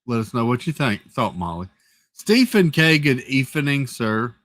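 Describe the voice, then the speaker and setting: A man's voice: mid-range voice, very animated, moderate pace, fairly bright tone, no room sound. Casual man greeting his live-stream chat. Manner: greets chat viewers one by one, rambling and playful. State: has a headache.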